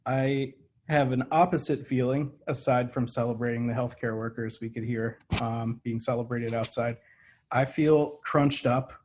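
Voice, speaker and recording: A man of middle pitch speaks over a video call. He sounds wry, worn out and candid. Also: fairly even intonation, normal speed, a little mellow.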